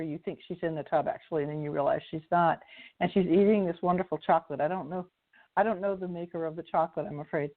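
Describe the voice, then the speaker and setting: A woman author speaking as a guest on a radio talk show, telling stories in a chatty way and laughing often. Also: fairly low pitch. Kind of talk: casual radio interview. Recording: phone-line call-in sound.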